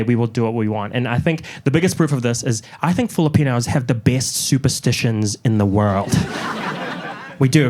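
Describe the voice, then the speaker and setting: A young man from New Zealand doing a stand-up comedy set in front of a live audience, telling stories with lively delivery and little put-on voices. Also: mid-range voice. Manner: animated storytelling, mocks up little voices.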